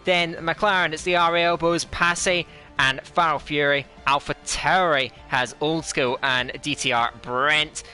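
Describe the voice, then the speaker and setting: A man commentating an online sim racing league, putting on a fake Scottish accent, chatty and energetic with many fillers. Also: fairly high pitch, a little slow, soft background music. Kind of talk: esports race commentary.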